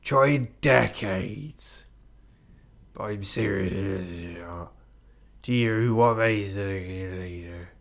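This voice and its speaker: A man voicing a drunken, mocking ship captain with a slurred piratey drawl, a gravelly low voice and slow, lurching delivery. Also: a bit bright, full character voice.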